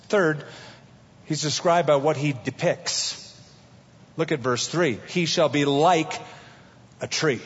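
A man preaching a sermon as pastor, telling it in an animated way with homey everyday examples. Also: medium pitch, slightly rough. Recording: dull recording with long hall reverb.

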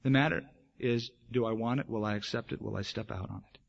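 A man preaching a sermon as pastor, lively and emphatic, acting out the voices of people in his stories. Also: lowish voice, brisk, creaky. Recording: dull lo-fi sermon recording.

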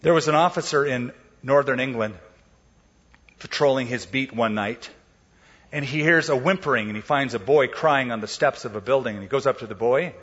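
A man's voice: medium pitch, moderate pace, fairly bright tone, breathy edge, long reverb tail, highs cut off. A man preaching a sermon, explaining scripture in a casual storytelling way and acting out the quotes. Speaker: pastor.

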